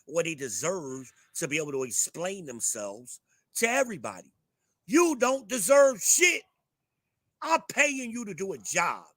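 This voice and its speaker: A man's voice: a little high, pushed and bright, no echo. A middle-aged man hosting his own show, ranting bluntly and profanely to a live chat. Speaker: show host.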